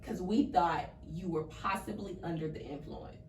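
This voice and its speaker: A woman's voice: fairly low pitch, moderate pace. A woman in a casual family chat, teasing as she retells what happened and mimics how the others sounded. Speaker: family member on a podcast. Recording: echoey room, mic at a distance, faint noise.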